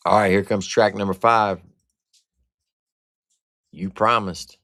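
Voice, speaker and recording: A man's voice: lowish voice, fairly even intonation, drawn-out words, pushed and bright, dry recording. A man hosting a casual livestream album review, talking in blunt, profane slang. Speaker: music reviewer and streamer host.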